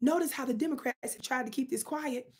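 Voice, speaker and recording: A woman's voice: sits high, fairly quick, darkish tone, husky. A middle-aged woman giving emphatic, casual commentary to camera, talking straight to her viewers. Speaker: political commentary vlogger.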